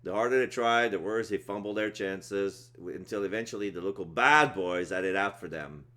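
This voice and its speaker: A man's voice: fairly low pitch, moderate pace, bright, forceful tone. A man streaming, reading a story game aloud with earnest, lightly wry narration. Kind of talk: reading a visual novel aloud.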